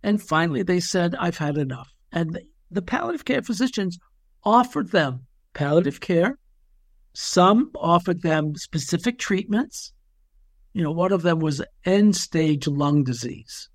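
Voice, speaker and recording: A middle-aged man who works as an ethicist, telling stories in a measured, conversational way and sometimes stumbling on his words. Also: on the high side, lively intonation, dry recording, studio quality. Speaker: ethicist and physician doing assessments. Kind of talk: conversational storytelling.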